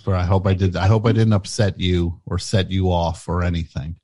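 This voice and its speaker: A man hosting a comedy call-in show, speaking in a halting, stammering, over-apologetic way. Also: deep voice, level tone, warm tone, dry recording. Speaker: host.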